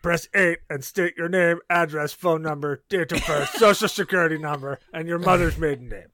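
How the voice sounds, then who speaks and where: A man voicing a prank mental-health hotline menu, reading the options in a flat, recorded-message way. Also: a little high, moderate pace. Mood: deadpan. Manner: deadpan menu reading with running jokes.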